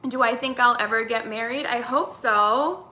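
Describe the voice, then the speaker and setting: A woman's voice: a little high, moderate pace, bright, forceful tone, echoey room. A woman in her thirties hosting a casual live-stream chat, reading viewer comments aloud and answering them. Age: 30s.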